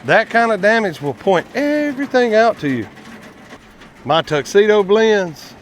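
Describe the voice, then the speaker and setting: Guy vlogging at his quail pens, high lively voice, bit of outdoor noise. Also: unhurried. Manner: folksy, chatty, addresses viewers as y'all. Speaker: quail farmer and channel host. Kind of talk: casual outdoor vlog.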